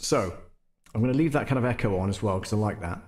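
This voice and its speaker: A chatty man with a slightly low voice talks through an audio tutorial on a live stream. He thinks aloud as he goes and laughs at his own jokes. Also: expressive, fast, darkish tone. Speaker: host demonstrating audio gear.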